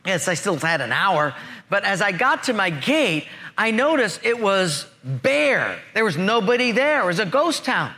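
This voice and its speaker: A man preaching a sermon, telling a personal story and acting out the dialogue in lively fashion. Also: high voice. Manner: animated, acts out dialogue in his stories. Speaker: pastor.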